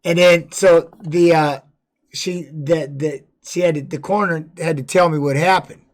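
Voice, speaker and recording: A man's voice: fairly high pitch, steady tone, moderate pace. A man streaming live, talking loosely and swearing heavily as he comments and tells personal stories. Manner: rambling, heavy swearing; candid personal storytelling. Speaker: streamer and former fighter. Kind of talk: casual livestream chat.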